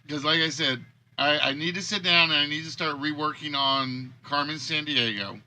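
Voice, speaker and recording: A man chatting casually on a livestream, his voice very bright and sharp, sitting a bit high. He rambles and thinks aloud, trailing off and starting over as he goes. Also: normal speed. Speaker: game show host and creator.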